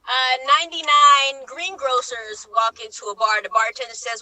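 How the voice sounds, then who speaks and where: A woman performing in an improv comedy show, telling short one-liner jokes with a lively delivery. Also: high-pitched, moderate pace, hardly any pauses, no room sound, low-quality recording.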